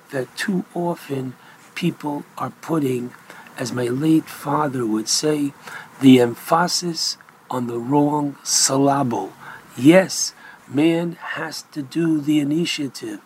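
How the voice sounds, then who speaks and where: A man giving a Torah lecture as a rabbi, speaking deliberately and with emphasis, mixing in Hebrew terms. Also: fairly high pitch, a little mellow, slight background noise, poor audio.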